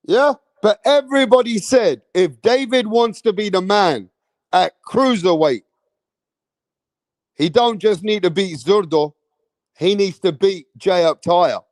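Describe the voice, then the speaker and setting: A young British man hosting a boxing live stream, talking in slangy, animated bursts straight to his chat. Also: high-pitched, a little slow, pauses often, dry recording. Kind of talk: casual live-stream commentary.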